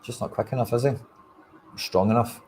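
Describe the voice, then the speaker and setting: A man's voice: mid-range voice, fairly quick, darkish tone, a little hiss or hum. A Scottish man giving casual, frustrated live commentary on a football match to his stream viewers, talking bluntly and straight to the audience. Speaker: fan streamer hosting a watch-along.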